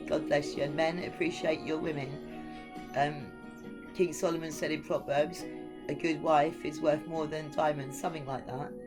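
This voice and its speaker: Flat-voiced woman teaching scripture over music. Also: sits low, moderate pace. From Western Australia. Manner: digressive, chatty, with frequent ums. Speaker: Bible teacher. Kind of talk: rambling scripture reading and commentary.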